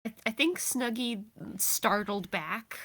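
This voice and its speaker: Slow-talking woman playing a tabletop game. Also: fairly high pitch, fairly bright tone, no echo. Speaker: player.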